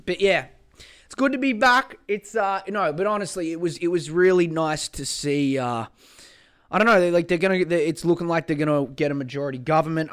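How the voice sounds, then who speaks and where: A young man with an Australian accent rants on his own podcast, sweary and sarcastic. His voice sits high and sounds smooth and clear. He lurches from loud, jokey hype to grumbling under his breath. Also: normal speed. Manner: sweary, sarcastic, swings between loud mock-excitement and low mutters. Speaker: podcast host. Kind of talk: casual solo podcast rant.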